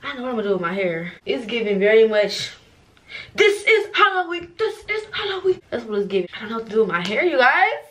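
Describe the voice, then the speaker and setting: A woman's voice: mid-range voice, animated, very fast, few pauses. A young woman, vlogging casually and profanely to viewers while getting ready at home, self-mocking and frank. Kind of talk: get-ready-with-me vlog.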